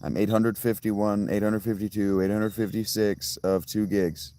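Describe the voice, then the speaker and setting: A man's voice: on the low side, little pitch movement, moderate pace, mellow. A man chatting casually on a live stream outdoors by a fountain, answering viewers' comments in a rambling, tangential way with many restarts. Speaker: livestreamer reading chat.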